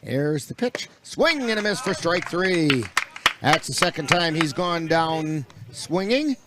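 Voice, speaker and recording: A man calling baseball play-by-play for a local webcast, with relaxed, folksy asides between pitches. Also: slow pace, background noise. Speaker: play-by-play announcer.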